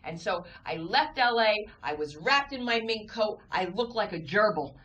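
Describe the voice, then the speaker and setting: A woman co-hosting a TV talk show, telling comic stories in an animated way and acting out voices. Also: medium pitch, normal speed. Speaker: talk show co-host and comedian. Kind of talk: comic storytelling chat. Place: TV studio.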